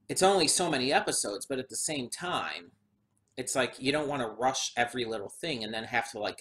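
A man's voice: mid-range voice, fairly bright tone. A man hosting a reaction video who talks casually and thinks aloud in a chatty, meandering way. He sounds a bit drowsy and keeps yawning. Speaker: anime reaction host. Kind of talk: casual spoken commentary for a video audience.

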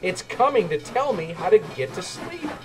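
A man's voice: high voice, normal speed, pitched above the performer's own voice. A man voicing a small, eager young tank engine who cannot sleep, in a storybook reading. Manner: excited, pleading.

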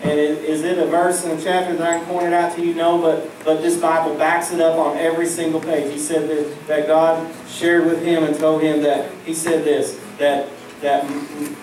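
A man, preaching with folksy, riled-up fervor. His voice sits a little high and rings through a very echoey church, heard from a distant mic with music underneath. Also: flat delivery, moderate pace, darkish tone, slight background noise. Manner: folksy, riled-up, leads call-and-response prayer. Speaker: pastor. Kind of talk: fervent preaching. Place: church service.

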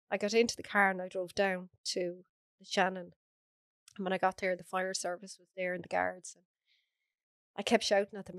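A woman's voice: mid-range voice, no echo. An Irish woman, a podcast guest, earnestly recounting a personal story in close detail. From Ireland.

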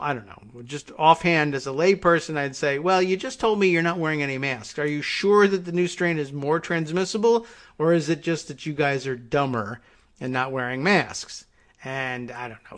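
A man's voice: on the high side, a bit bright. A man from the United States hosting a casual solo talk show, rambling and wry, full of asides and restarts. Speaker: political talk show host.

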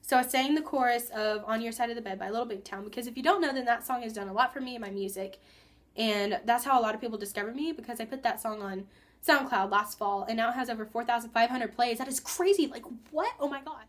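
A teenage girl chatting casually in a vlog, rambling and excitable, with lots of fillers and asides. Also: fairly high pitch, quick pace. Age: teens. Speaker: vlogger.

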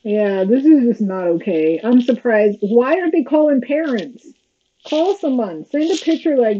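At a moderate pace and with a fairly high, expressive voice, this woman hosts a casual reaction watch-along full of sarcastic, exasperated commentary. Her audio is lo-fi, a little dull, and faintly noisy.

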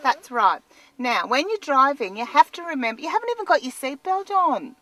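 A woman's voice: high voice, very animated, brisk, fairly bright tone, no room sound. An Australian woman in a car, talking in an anxious, exasperated, self-mocking comic monologue. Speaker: columnist.

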